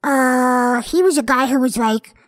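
A high-voiced, dim little boy hosts a comedy podcast, played by a woman. He rambles slowly, trips over his own words and keeps wandering off the point. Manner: rambling, halting, easily sidetracked. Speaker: podcast host.

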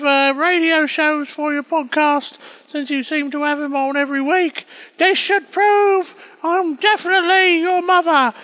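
A British man putting on a very high voice as a fake mother who rambles and halts with fillers. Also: bright, forceful tone, dull audio, exaggerated voice. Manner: rambling, halting with many fillers. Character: a man faking a middle-aged mother. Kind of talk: comedic phone message bit.

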